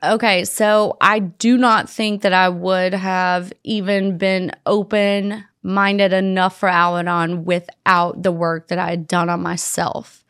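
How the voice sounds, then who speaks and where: A woman's voice: lowish voice, little pitch movement, slow pace, a bit bright, clean tone, dry recording, clean studio sound. A woman from Tennessee, speaking frankly and casually as a podcast guest. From Tennessee, USA. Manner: frank, casual, sprinkles in mild swearing. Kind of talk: candid conversational interview.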